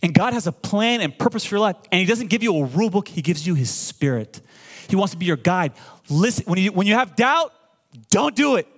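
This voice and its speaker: A man in his forties preaching a sermon, animated and full of call-and-response, often stammering and repeating words when excited. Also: sits high, a little fast. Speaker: pastor.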